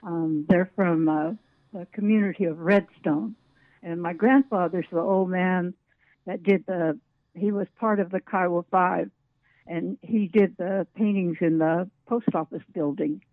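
An older woman, guest on a radio show, answering calmly about her family. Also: fairly low pitch, measured pace, no room sound, phone-quality sound. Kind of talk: radio interview.

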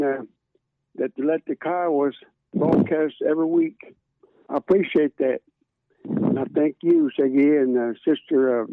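Gravelly guy praying slow on a tinny phone line, kinda halting, repeats himself. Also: mid-range voice, no room sound. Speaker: guest leading a prayer. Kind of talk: spoken prayer on call-in radio.

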